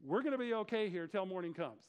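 Man doing a guardian angel, firm, reassuring, a bit high-pitched, sermon retelling. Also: lively intonation, fast talker, smooth. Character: calm protective male angel mediator.

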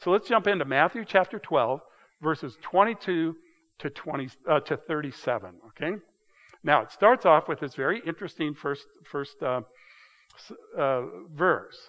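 A man teaching a casual Bible study in a conversational, halting way, often restarting and repeating words. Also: on the high side, expressive, fairly bright tone. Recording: dull sound with long hall reverb.

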